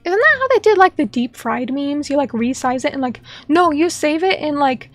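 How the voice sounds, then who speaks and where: Female streamer with a high voice, home chat, playful and teasing, mock-indignant at times, faint music underneath. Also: expressive, normal speed. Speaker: VTuber streamer. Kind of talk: casual chat reading viewer comments.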